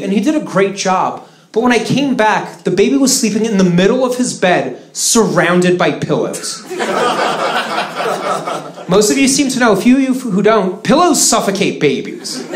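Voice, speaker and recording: A man in his thirties from Russia doing live stand-up comedy, lively with flat deadpan punchlines. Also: sits high. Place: comedy stage before a live audience. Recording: roomy live venue with crowd laughter.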